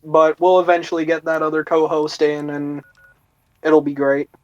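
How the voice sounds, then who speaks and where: Young male co-host, fairly high pitch, relaxed and easygoing. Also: normal speed, lo-fi sound. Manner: relaxed, keeping voice down. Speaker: podcast co-host. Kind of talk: casual chat.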